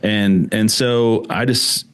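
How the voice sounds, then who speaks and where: A man with a deep, low voice, telling a story as a podcast guest. His talk is casual and rambling, full of fillers and restarts. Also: steady tone, slow pace, smooth. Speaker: guest, screen print shop owner.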